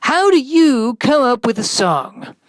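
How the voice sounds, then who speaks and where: A man voicing an over-the-top male radio DJ who interviews a guest with a loud, peppy announcer delivery. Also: very high-pitched, very animated, takes it slowly, no echo, voice pushed up, full character voice. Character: hyper upbeat male radio DJ.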